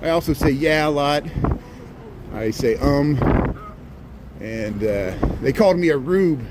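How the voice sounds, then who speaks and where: A man in his forties from Indiana, speaking with a Midwestern accent, hosts a walking livestream along a city street in light rain, with street noise behind him. His mid-range voice is expressive and moves at a normal speed. He rambles in a folksy way, packing his sentences with "here" and "there."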